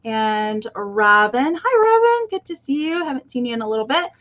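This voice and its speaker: A woman with a fairly high voice hosts a live online sale in casual, chatty talk. She greets viewers one by one. The audio is dull and lo-fi, like a muffled livestream. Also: big pitch swings, moderate pace, a bit bright.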